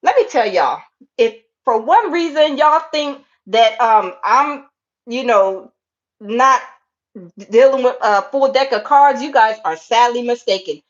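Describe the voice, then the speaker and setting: Woman, high voice, fired-up livestream commentary, lo-fi sound. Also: animated, unhurried. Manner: impassioned, repetitive, keeps addressing viewers as y'all. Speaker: online commentator.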